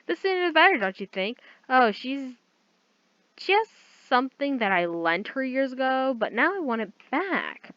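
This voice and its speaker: A woman's voice: sits high, very animated, a little slow, fairly bright tone, no room sound, pitched above the performer's own voice, exaggerated voice. A woman voicing a playful, cruel male villain in a casual read-aloud of a fan story, teasing and offhand. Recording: dull lo-fi recording.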